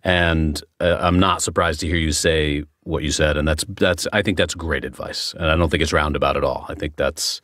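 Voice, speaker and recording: A man's voice: rumbling low, fairly even intonation, normal speed, few pauses, fairly bright tone, no room sound, clean studio sound. A man co-hosting a podcast, reacting with enthusiasm in casual chat. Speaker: podcast co-host.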